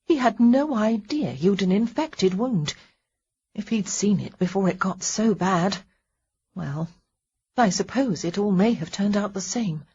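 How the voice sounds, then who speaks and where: A woman's voice: medium pitch, lively intonation, unhurried, mellow, slightly rough, muffled recording, pitched above the performer's own voice. A woman narrating an audiobook, voicing a caring young lady who sits at a sickbed, speaking earnestly and a little fretfully. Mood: worried. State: sleepy.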